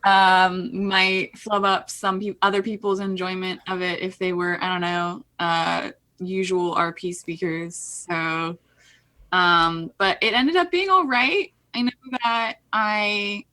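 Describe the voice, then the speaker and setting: A woman's voice: lowish voice, sharp tone. A woman playing in a tabletop game, chatting candidly and laughing readily. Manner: candid, playful, quick to laugh. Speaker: player. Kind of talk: casual chat around a tabletop game.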